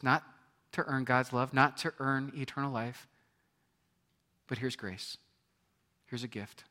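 Bright-voiced man preaching a sermon. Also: mid-range voice, steady tone, slow, long pauses. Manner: conversational preaching with repetitions and asides. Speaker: pastor.

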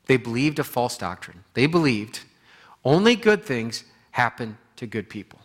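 In his sermon, a man preaches in a conversational, earnest tone at a normal speed, using a mid-range voice. He keeps restarting sentences and swings between quiet moments and animated bursts.

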